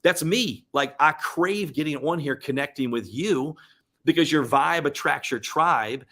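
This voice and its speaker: A man's voice: on the high side, a little slow, pushed and bright. A man hosting a motivational live stream, speaking earnestly and emotionally. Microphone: webcam or desk mic on live stream.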